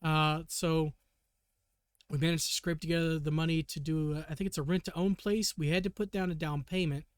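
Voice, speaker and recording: A man streaming live in casual, rambling chat, swearing loosely and often clearing a sore throat. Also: on the high side, fairly even intonation, moderate pace, dry recording, clean studio sound.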